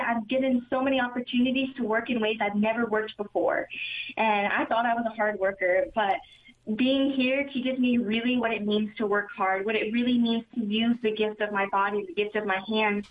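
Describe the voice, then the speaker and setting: A young woman giving an earnest personal faith testimony, talking quickly and often saying "super" and "like". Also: a little high. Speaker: community member giving testimony. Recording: tinny phone-like sound.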